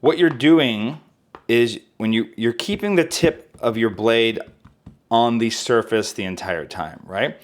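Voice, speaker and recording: A man's voice: medium pitch, slow pace. A young adult man hosting a casual cooking demonstration in a home kitchen, chatty and self-deprecating as he explains knife skills. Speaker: cooking channel host.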